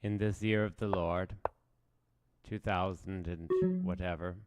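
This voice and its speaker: Male chess streamer, low-ish voice, unhurried self-mocking play-by-play muttered to himself. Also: steady tone, a little mellow, clean tone, soft background music. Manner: thinks aloud while playing, self-mocking. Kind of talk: casual live game commentary.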